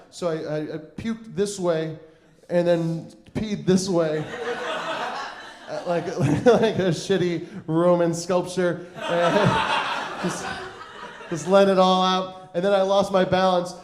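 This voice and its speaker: A man on a comedy club stage tells a story in a rambling, self-mocking way, stumbling over restarts and filling gaps with "like." His voice sits a bit high for a man, and the sound rings around the room. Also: roomy sound. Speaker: stand-up comedian. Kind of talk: stand-up storytelling.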